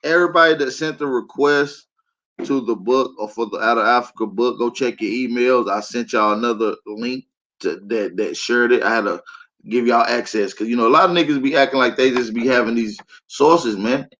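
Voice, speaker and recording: A man's voice: mid-range voice, moderate pace, a bit bright, lo-fi sound. Laid-back man hosting a livestream. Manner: laid-back slang, addresses the chat directly. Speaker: show host. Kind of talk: casual livestream chat.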